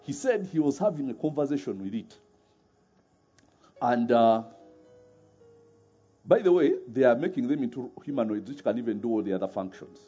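Laughing, lively male preacher. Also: medium pitch, normal speed, pauses often, breathy edge. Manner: laughs often, asks the audience rhetorical questions. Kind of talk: sermon. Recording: muffled recording with faint music.

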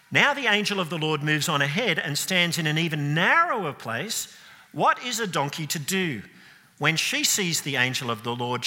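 A man delivers a sermon in a church, retelling a story with a very lively, swooping delivery. His voice is bright and sharp, and it carries into a long, echoing hall. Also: a little high. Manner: animated storytelling, acting out scenes with sound effects and mock voices. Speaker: preacher.

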